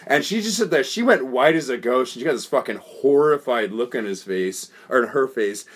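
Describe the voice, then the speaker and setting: A man's voice: mid-range voice, fairly quick, breathy edge. A man co-hosting a podcast, telling a long story in a casual, profane way and acting out the voices of the people in it. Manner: profane, animated, acts out quoted voices. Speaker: podcast co-host.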